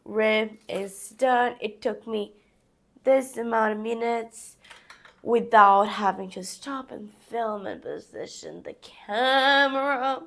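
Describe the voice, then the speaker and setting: A woman's voice: on the high side, slow pace, gravelly, fairly bright tone. A young woman talking casually through a knitting project step by step, chatting to herself as she works. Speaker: crafting vlogger. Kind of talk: casual how-to narration while knitting.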